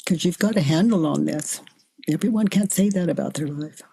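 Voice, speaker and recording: An older woman facilitating a self-inquiry dialogue, gently coaxing her guest and calling her honey. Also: low voice, gravelly, slightly rough. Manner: gentle, slow, coaxing with endearments.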